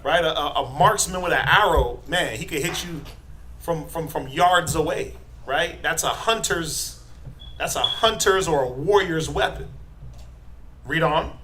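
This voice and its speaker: A middle-aged man teaching a Bible class, quizzing his students and tagging his points with "right?", building to forceful emphasis. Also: on the high side, unhurried, background noise. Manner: asks the class questions, tags lines with "right?".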